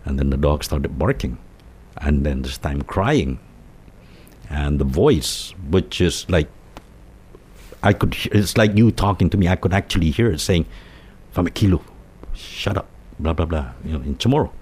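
Deep-voiced man from telling stories. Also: moderate pace, pauses often, slightly rough. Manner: rambling, animated storyteller with many restarts and quoted voices. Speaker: co-host telling ghost stories. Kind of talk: casual storytelling chat.

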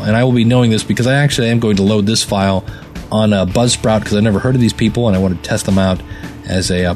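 A man hosting a podcast review show, giving casual spoken feedback with fillers and deliberate stress on some words. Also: fairly low pitch, a little mellow.

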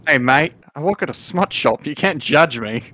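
A man's voice: a little high, expressive, normal speed, bright, forceful tone, voice pushed up. A man voicing a laid-back male koala who runs a smut shop, speaking in an Australian accent with a sly, slangy salesman's manner. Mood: chummy. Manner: slangy, sly salesman, calls everyone mate.

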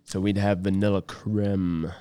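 A man's voice: sits low, flat delivery, a little slow, warm tone, slight background noise. Easygoing North Carolina man chatting. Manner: easygoing, repeats himself. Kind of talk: casual live stream chat.

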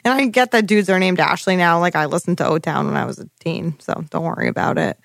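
A woman's voice: lowish voice, expressive, fast, gravelly, dry recording, studio quality. Chatty woman gushing about a show. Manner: chatty and emphatic, filler 'like', profane jokes. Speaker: podcast co-host. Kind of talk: casual recap chat.

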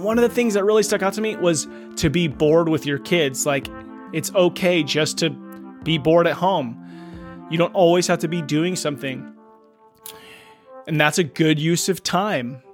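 A man's voice: a little high, fairly bright tone. A middle-aged man hosting a solo podcast, thinking aloud in an earnest, questioning way. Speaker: podcast host. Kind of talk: reflective solo podcast monologue.

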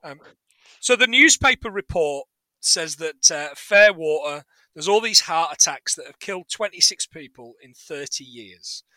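A man chats casually on a film podcast, high-pitched and very bright in tone. He laughs often and swears freely. The sound is close and dry. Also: animated, normal speed, no echo. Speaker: podcast co-host.

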